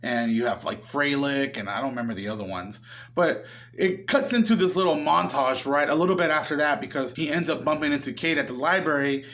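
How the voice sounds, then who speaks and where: A man's voice: medium pitch, brisk, fairly bright tone. A young man casually recapping a movie in a chatty way, often acting out what the characters say. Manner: chatty, acts out the characters' lines. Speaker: movie reviewer.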